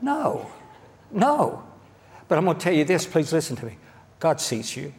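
A man's voice: a little high, fast talker, darkish tone. Folksy Oklahoman pastor preaching in a reverberant hall. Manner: folksy, direct, addressing the congregation. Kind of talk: sermon. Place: church sanctuary. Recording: long church-hall reverb.

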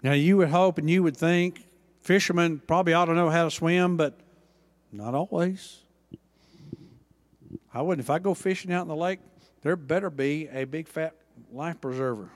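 A man preaching a sermon, acting out Bible dialogue with lively emphasis. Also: on the high side, moderate pace, long pauses, long reverb tail. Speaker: pastor.

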